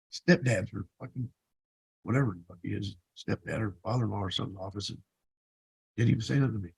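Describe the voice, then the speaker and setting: Gravelly husky man in his fifties. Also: medium pitch, a little mellow, poor audio. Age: 50s. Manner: blunt and profane, rambling with restarts. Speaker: vlogger. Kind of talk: casual personal storytelling.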